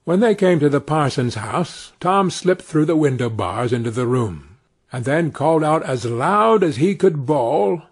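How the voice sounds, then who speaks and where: A man narrating a fairy tale for English learners in a slow, expressive storybook reading. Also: fairly high pitch, slightly rough.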